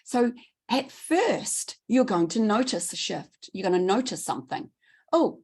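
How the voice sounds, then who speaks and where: Animated, enthusiastic woman trainer presenting. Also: fairly high pitch, slightly rough. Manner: enthusiastic, fast, repeats words for emphasis. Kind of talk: presentation talk.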